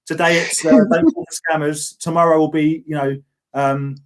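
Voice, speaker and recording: A man's voice: fairly high pitch, moderate pace. A man hosting a live podcast, joking and bantering in stop-start sentences. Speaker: podcast host. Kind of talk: casual chat on a live stream.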